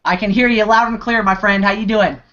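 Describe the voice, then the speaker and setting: A man's voice: high-pitched, fairly even intonation, a little fast, pushed and bright. A man hosting a live online Q&A, talking in a rambling way with many restarts and fillers. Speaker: host. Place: online video hangout. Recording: dull lo-fi video call audio.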